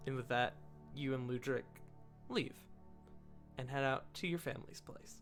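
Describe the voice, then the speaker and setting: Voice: mid-range voice, moderate pace. A game master narrating a tabletop game in a casual, rambling way. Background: background music.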